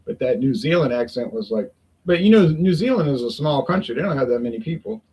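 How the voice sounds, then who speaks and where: A man's voice: medium pitch, animated, fairly quick, a little mellow, husky, poor audio. A man chatting casually and rambling in a folksy way, talking at home in the heat with the windows open. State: sweating in the heat. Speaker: beer review vlogger.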